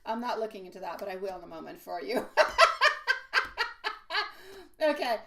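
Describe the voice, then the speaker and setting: Woman, live-stream tarot reader, mid-pitched, warm pet-name patter, slightly distant mic. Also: expressive, creaky, a little hiss or hum. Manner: chatty and affectionate, calls viewers pet names; laughs often, quick asides. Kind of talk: live-stream tarot reading, chatting with viewers.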